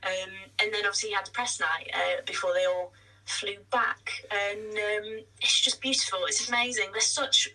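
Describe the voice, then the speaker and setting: Actress, guest in a chat interview: husky, bright, a bit off-mic, self-deprecating. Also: female voice, mid-range voice, fairly even intonation, far from the mic, rough recording. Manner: chatty, self-deprecating, quick asides. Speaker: musical theatre actress, guest.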